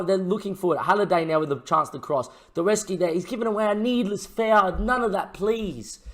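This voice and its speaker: A young man commentating his own football management game in a casual, chatty way, getting loud and excited at big chances. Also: fairly high pitch. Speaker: gaming YouTuber.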